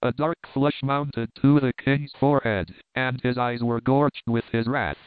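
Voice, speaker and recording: Man, audiobook narration, smooth voice, dry, phone-like audio. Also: medium pitch, fairly even intonation, a little slow, no room sound. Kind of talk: scripted narration. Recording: tinny narrow-band dry recording.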